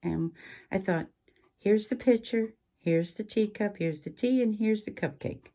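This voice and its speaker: A woman hosting a relaxed craft show-and-tell, chatty and rambling, with frequent ums and asides. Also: mid-range voice, unhurried. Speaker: craft channel host.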